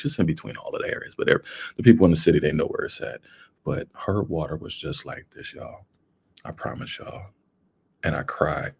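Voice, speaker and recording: A man's voice: deep voice, creaky, a little mellow, breathy edge. A young man, hosting a casual livestream and talking earnestly and rambling to his viewers. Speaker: livestream host.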